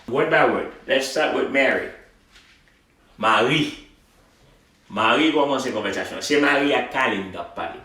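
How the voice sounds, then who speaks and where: A man's voice: mid-range voice, lively intonation, moderate pace, long pauses, pushed and bright, recorded from a distance. A man teaching a language lesson, explaining patiently and reading a short dialogue aloud. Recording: roomy, voice away from the mic.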